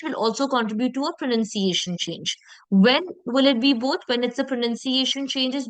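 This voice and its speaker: A woman teaching French pronunciation in an online lesson, repeating sounds slowly and checking in with her class. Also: high-pitched, fairly bright tone, dry recording, low-quality recording.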